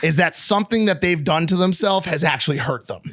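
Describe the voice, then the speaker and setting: Thirties male co-host, brash and profane, slightly high voice, dry studio mic. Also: fairly quick, no room sound. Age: 30s. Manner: loud, profane, animated storyteller. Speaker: podcast co-host. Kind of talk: casual podcast chat. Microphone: studio podcast mic.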